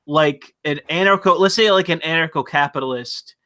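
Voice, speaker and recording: Man, bright tense voice, slightly high, casual profane chat, animated storytelling. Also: normal speed. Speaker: streamer host.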